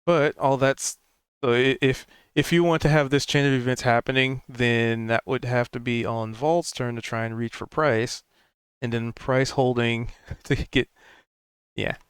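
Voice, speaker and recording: A man running a tabletop game as game master. His voice is smooth and clear, recorded close and dry, and he explains rules in a relaxed way with plenty of fillers. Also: medium pitch, a little slow, no echo.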